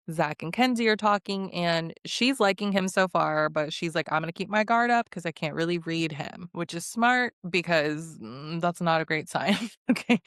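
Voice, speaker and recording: A woman's voice: lowish voice, a bit bright, clear, resonant tone, no echo, studio quality. A young woman hosting a casual, sarcastic recap vlog, chatting and laughing often. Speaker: recap host.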